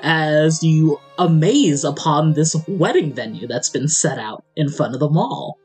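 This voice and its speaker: A man's voice: a little high, lively intonation, unhurried, darkish tone, breathy edge, soft background music. A man from the American Midwest narrating as game master, often laughing through his descriptions.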